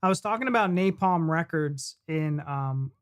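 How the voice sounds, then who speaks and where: A man's voice: a little high, animated, normal speed. A man co-hosting a live stream, talking loosely and casually with the audience. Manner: loose and chatty, with fillers and restarts. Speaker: co-host of a reaction channel.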